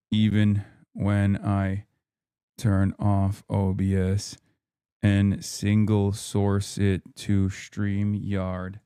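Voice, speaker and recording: Male streamer, mid pitch, smooth clear voice, dry close mic, exasperated and cursing. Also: warm tone, no echo. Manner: frustrated, swearing, troubleshooting tech aloud. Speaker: livestream host. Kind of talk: live stream chat with viewers.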